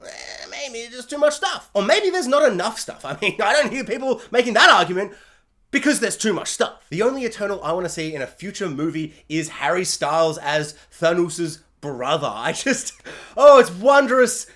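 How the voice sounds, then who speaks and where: A man's voice: high-pitched, animated, brisk, bright, forceful tone. A man giving a casual film ranking monologue, rambling with frequent laughs and restarts, sometimes mock-outraged. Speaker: film reviewer.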